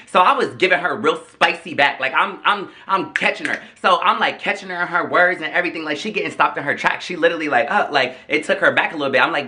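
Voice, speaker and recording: A man's voice: a little high, fast talker, hardly any pauses, sharp tone. A man hosting a storytime vlog, telling his story in a sassy, dramatic, chatty way. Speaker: vlogger host. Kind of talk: casual storytime.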